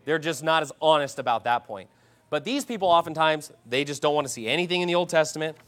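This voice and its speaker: A man preaching a sermon, combative and mocking, swinging between loud outbursts and low asides. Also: expressive, fast. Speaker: pastor.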